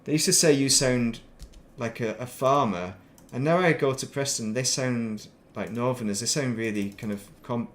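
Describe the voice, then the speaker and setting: A middle-aged man with a softened northern English accent, chatting casually and rambling while streaming a game. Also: mid-range voice, a little hiss or hum. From northern England. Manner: rambling, thinks aloud, laughs at himself. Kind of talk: casual chat while playing.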